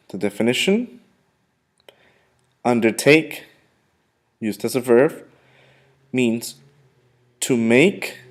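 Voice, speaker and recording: A male English teacher giving a vocabulary lesson, who repeats words and pronounces them slowly and with emphasis. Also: medium pitch, a little mellow.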